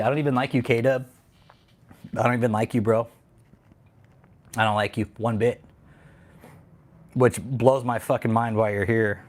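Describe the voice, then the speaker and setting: A man hosts his own livestream, his voice sitting at an ordinary middle pitch. He talks loosely and repeats himself, swinging into heated, profanity-laden ranting. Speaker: channel host. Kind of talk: angry livestream rant; casual livestream chat.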